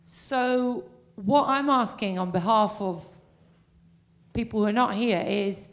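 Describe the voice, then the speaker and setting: A woman in the audience speaking up as a local resident, heartfelt and halting, with pauses and fillers. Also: mid-range voice. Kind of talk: question from the floor.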